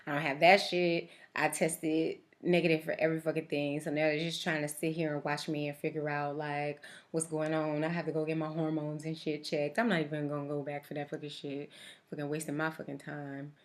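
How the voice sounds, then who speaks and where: A woman vlogger with a slightly low voice, telling a story casually and fast. She jokes often and swears freely. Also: level tone. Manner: profane, joking, fast-talking.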